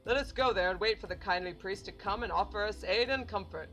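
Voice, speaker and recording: A woman's voice: mid-range voice, pushed and bright, close to an everyday voice. Woman doing a suave, wry young man. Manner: dry, suave, measured.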